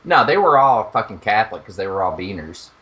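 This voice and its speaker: A young man co-hosting a podcast in casual chat, animated and profane, laughing at his own jokes. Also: fairly low pitch, fairly quick, lo-fi sound. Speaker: podcast co-host.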